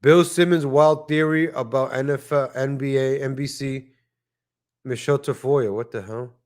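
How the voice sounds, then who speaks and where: A man's voice: medium pitch, steady tone, normal speed. A man hosting a casual livestream, chatting and joking in rambling asides. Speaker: livestream host. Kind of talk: casual live-stream commentary.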